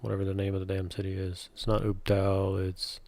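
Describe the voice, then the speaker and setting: A man with a fairly low voice plays a tabletop game over voice chat. He asks wry, probing questions in casual talk. The sound is dry and close on a computer mic. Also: completely flat delivery, fairly quick, vocal fry, dark tone, dry recording. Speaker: player. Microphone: computer mic over online voice chat.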